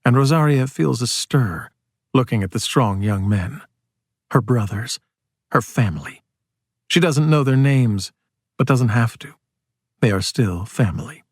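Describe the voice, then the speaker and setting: A man with a medium-pitched voice narrates an audiobook, telling the story in a steady, measured way. The sound is dry and clean, recorded in a studio.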